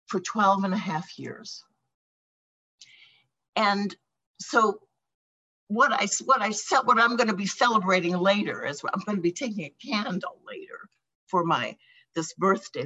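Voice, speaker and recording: An older American woman tells her own recovery story to a meeting, her talk halting and emotional, broken by small laughs and sighs. Her voice is bright and somewhat husky, and it rises and falls widely as she speaks. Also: medium pitch, dull audio. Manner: emotional, halting, laughing and sighing between thoughts. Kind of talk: personal testimony.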